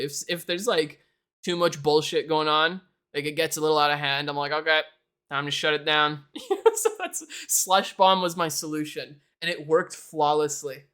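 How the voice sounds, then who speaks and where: Using a live-stream desk mic, this young Canadian adult streamer talks casually to viewers, with frequent laughs and rambling, sweary asides. The voice is medium-pitched, at normal speed, with a sharp tone.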